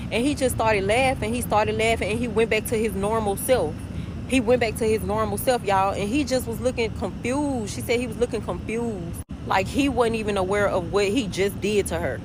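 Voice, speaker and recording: A woman, chatting casually to viewers and telling a story in an animated way, swearing as she goes. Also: mid-range voice, fairly quick. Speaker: storytime vlogger. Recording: outdoor noise with passing vehicles.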